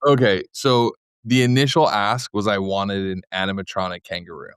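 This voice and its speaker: A man in his forties, a filmmaker guest in a casual interview, telling stories in an animated way full of "like" fillers. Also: on the low side, normal speed, smooth, no echo, clean studio sound. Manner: animated storyteller, heavy "like" fillers.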